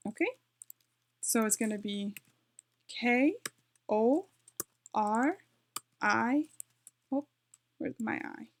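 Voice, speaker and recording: A woman's voice: a little high, very slow, pauses often, slight background noise. A woman giving a casual home tutorial, chatty and correcting herself as she types, with her dog nearby. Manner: chatty, self-correcting, talks while typing. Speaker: language learning vlogger.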